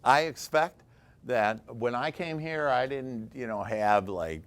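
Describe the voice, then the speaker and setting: An enthusiastic man leads a small motivational workshop, speaking at a middle pitch. He chats easily with the group, breaks into laughter, and keeps a loose, conversational flow. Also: expressive, takes it slowly. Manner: enthusiastic, chatty, laughs often. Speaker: workshop leader and coach. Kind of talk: live motivational workshop talk.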